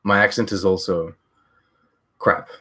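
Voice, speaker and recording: A man's voice: low-pitched, fairly even intonation, a little slow, bright, forceful tone, slightly rough. A man from New Zealand chatting casually and with strong opinions on his live stream, rambling with many fillers and restarts.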